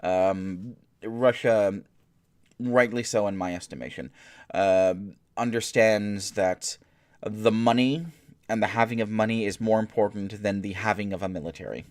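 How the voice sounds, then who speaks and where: A man hosting his own show, reading news articles aloud and breaking off for dry, sarcastic asides in an unhurried, halting way. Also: fairly low pitch, fairly even intonation, a little mellow. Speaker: streamer and host.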